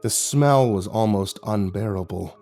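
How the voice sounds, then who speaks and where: A man's voice: lowish voice, a little slow, soft background music. A man narrating a horror story in a dramatic, scripted style. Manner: dramatic, lively delivery.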